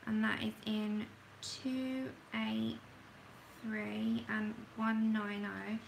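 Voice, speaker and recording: A woman's voice: medium pitch, level tone, extremely slow, creaky, a little hiss or hum, low-quality recording. A woman chatting casually as she hosts a livestream, talking to herself while she works and often laughing at herself. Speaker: livestream host swatching colour pencils.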